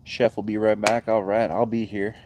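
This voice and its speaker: Fairly low and a little mellow, this livestream host's voice stays level at a moderate pace. Chatting casually by a backyard bonfire over a phone mic, he rambles easygoingly and laughs often, with some background noise behind him.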